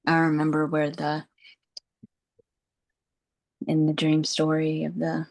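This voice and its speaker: A woman speaks as a spiritual teacher in a meditative talk, her voice low and her delivery slow. She meanders gently, leaning on "you know" and "like" and breaking into soft laughs. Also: monotone.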